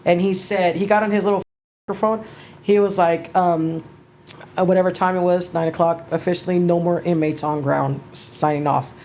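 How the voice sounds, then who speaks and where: A middle-aged woman with a fairly low voice, telling her own story as an interview guest. She talks in a halting, emotional way, restarting sentences and swearing casually. Faint noise sits under her voice. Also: fairly even intonation, darkish tone. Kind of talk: personal storytelling.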